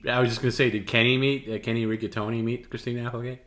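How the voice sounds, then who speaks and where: A man's voice: mid-range voice, flat delivery, very fast, fairly bright tone. A man co-hosting, teasingly critiquing a character voice in casual chat. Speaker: co-host coaching a voice bit.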